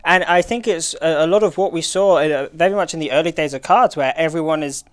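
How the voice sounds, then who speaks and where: A man's voice: fairly high pitch, fairly quick, smooth. A man casting a live card-game tournament, chatty and out of breath. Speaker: esports caster. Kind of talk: live esports commentary.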